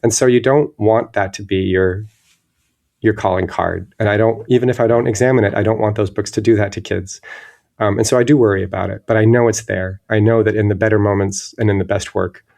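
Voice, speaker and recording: Male interview guest: low and gravelly, thinks aloud, circles back mid-sentence. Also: flat delivery, a little fast, a little mellow. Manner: thoughtful, searching, many restarts. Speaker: guest illustrator. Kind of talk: reflective interview talk.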